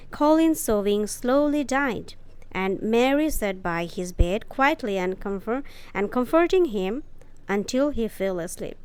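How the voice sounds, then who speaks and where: A woman reads a storybook aloud for English learners, slowly and with deliberate care. Her voice sits somewhat high and sounds smooth and crisp, recorded close and dry. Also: animated, darkish tone. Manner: careful, deliberate reading with brief explanations.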